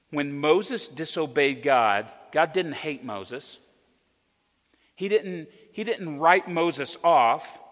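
Brief: male pastor, sermon, chatty storytelling, slightly high pitch, long church-hall reverb. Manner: conversational, animated storytelling. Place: church sanctuary.

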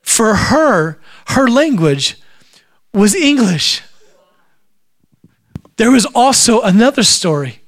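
A man preaching a sermon, telling stories and acting out the people in them. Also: high-pitched. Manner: acts out quoted voices while telling stories. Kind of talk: sermon storytelling.

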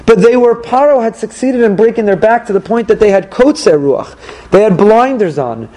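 A male rabbi teaching a weekly Torah class, animated and acting out dialogues in little quoted voices. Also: high voice, moderate pace.

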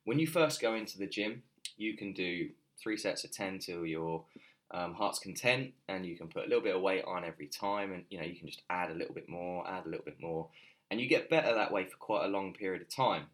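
A man's voice: low voice, fairly quick, a bit bright. A man, a fitness coach, talking in a loose, conversational way with lots of fillers and restarts. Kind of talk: casual podcast chat.

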